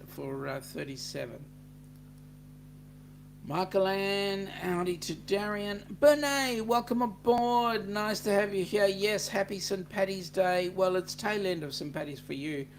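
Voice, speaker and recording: An Australian host on a live stream, working through viewer comments at an unhurried pace. The voice sits at a middling pitch. The delivery is casual and chatty, full of greetings and "um"s. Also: noisy background. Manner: chatty, laid-back, with frequent "um"s and greetings.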